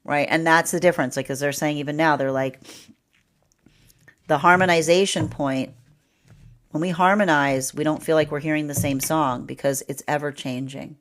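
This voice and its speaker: A woman's voice: sits low, steady tone, moderate pace. A woman giving a rambling livestream tarot reading, often acting out imagined inner voices and breaking into laughs. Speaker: tarot reader.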